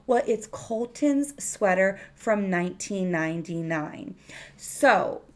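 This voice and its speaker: A woman's voice: medium pitch, animated, slow pace. A woman reviewing a TV episode in a casual, chatty recap, full of fillers and restarts.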